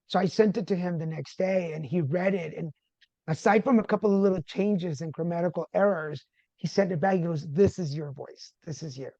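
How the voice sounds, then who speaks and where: A man from Texas, a podcast guest, telling a personal story in a relaxed conversational way and acting out the voices of people he quotes. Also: high voice, a little fast, no echo, muffled recording. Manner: animated, acts out quoted dialogue.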